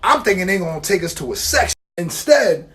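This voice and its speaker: Young guy telling a funny story, kinda high voice, swears a lot, jumps into everyone's voices. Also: brisk. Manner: animated, profane, acts out quoted voices. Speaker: vlogger. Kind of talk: comedic storytelling to camera.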